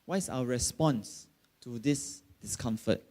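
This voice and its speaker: A man's voice: mid-range voice, measured pace, mellow. A middle-aged man with a Malaysian English accent, preaching a sermon in a conversational way, with many fillers and sudden emphatic bursts. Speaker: pastor.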